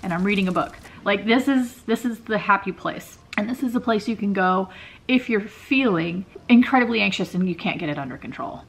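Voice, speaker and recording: A woman's voice: mid-range voice, brisk. A woman vlogger talking candidly to camera in a conversational, personal way.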